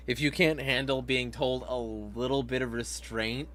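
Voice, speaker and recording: A man's voice: medium pitch, measured pace, fairly bright tone, no echo. A man hosting a casual livestream, swearing freely, laughing often and reading viewer comments aloud. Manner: profane, laughing, reads chat comments aloud. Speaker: vlog host.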